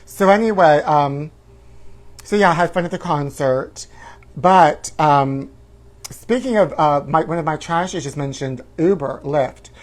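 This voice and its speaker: A man hosting a live-stream chat show, campy and flamboyant, calling viewers honey and letting out shrill woos. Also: a little slow. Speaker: host.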